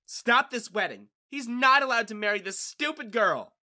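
A man's voice: extremely high pitch, normal speed, sharp tone, no echo, studio quality, voice pushed up, heavily acted. A man voicing a bossy, jealous young woman who hisses and snaps threats. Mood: hissing angry. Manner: hissing, snapping threats.

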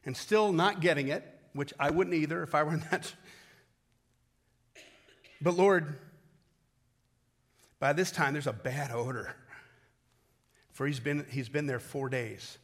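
A middle-aged pastor preaches a sermon conversationally, moving from loud calls to hushed reflection. His voice runs on the high side, and he speaks a little slowly, pausing often.

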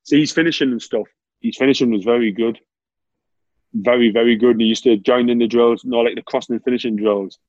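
A man's voice: medium pitch, quick pace, no room sound, dull audio. Man, 30s, ex-player spinning dressing-room yarns, dry close sound. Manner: laughing, animated anecdotes with lots of "mate". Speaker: former footballer guest. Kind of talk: casual storytelling chat.

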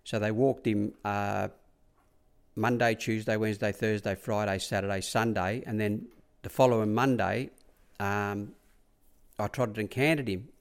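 A man's voice: lowish voice, fairly even intonation, a little slow, creaky, smooth. A man with an Australian accent recalls his time as a track rider in a casual, rambling way. He keeps repeating "he said" and "I said" as he tells his stories. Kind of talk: casual anecdotal storytelling.

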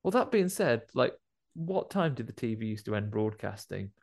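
A man's voice: lowish voice, big pitch swings, normal speed, creaky. A man chatting casually about a film, jokily acting out the characters' lines. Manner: jokey, playfully acts out film characters' lines.

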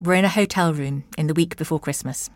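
Low-voiced woman narrating an investigation. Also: no room sound, clean studio sound. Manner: measured, deliberate delivery. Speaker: podcast host and narrator. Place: interview in a hotel room.

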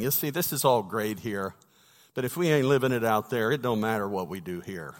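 A man's voice: medium pitch, lively intonation, normal speed. A man preaching a sermon, telling a folksy story with humorous asides to his congregation. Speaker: pastor. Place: church sanctuary. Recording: long reverb of a church hall.

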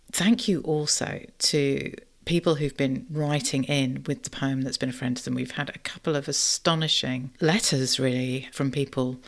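Female podcast co-host, reflective and warm, conversational. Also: very deep voice. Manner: thoughtful, warm, ends points with tag questions.

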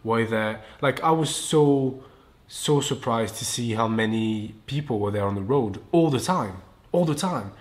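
A man's voice: mid-range voice, unhurried. A man with a French accent, hosting a solo podcast and chatting casually, swearing freely, laughing often and drifting onto tangents. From France. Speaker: podcast host. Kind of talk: rambling solo podcast chat.

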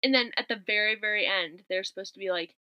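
A woman's voice: medium pitch, fast, clean tone, no room sound, muffled recording. A woman co-hosting a podcast, chatting casually and wryly as she recaps a movie scene by scene. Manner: chatty, wry, recounting scenes with quoted lines. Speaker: podcast co-host.

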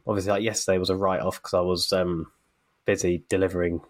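Man, low voice, podcast co-host, casual chat, rambling with fillers and restarts. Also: level tone, fast. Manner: chatty, anecdotal, many fillers and restarts. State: recovering from a cold.

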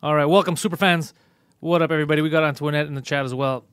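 A man's voice: fairly high pitch, steady tone, very fast, a bit bright, clean tone, no echo, clean studio sound. A man hosting a comedic live stream, joking and emphatic as he chats with a co-host and greets viewers.

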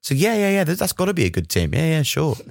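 A man's voice: on the high side, very animated, fast talker, creaky, no room sound, studio quality. A man co-hosting a podcast in casual comedic chat, wry and rambling with sarcasm. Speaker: podcast co-host.

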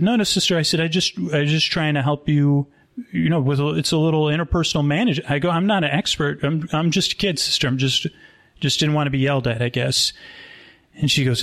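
A man telling an improvised comic story at a live show, rambling and deadpan, with many restarts. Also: mid-range voice. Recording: rough live show audio.

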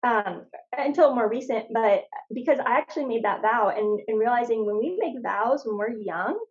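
A woman from Phoenix, Arizona, a guest telling her story in a casual faith podcast conversation, animated and full of "like" and restarts. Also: fairly high pitch, normal speed, lo-fi sound.

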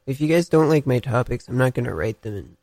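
A man's voice: mid-range voice, animated, fast, darkish tone, dry recording. Young male co-host, teasing and mock-serious, dry close-miked voice. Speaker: podcast co-host. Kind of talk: playful casual banter.

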